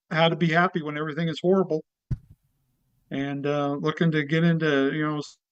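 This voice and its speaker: Easygoing comedian guest, smooth voice. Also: male voice, on the high side, no echo, dull audio. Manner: easygoing, halting, many fillers. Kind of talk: casual interview chat.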